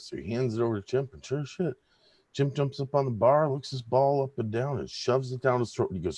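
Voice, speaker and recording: A man's voice: medium pitch, fast talker, a little mellow, no echo. A man, a guest on a casual podcast, telling a long joke in a tired, laid-back way and laughing often. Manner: laid-back storyteller, voices characters in jokes, laughs often.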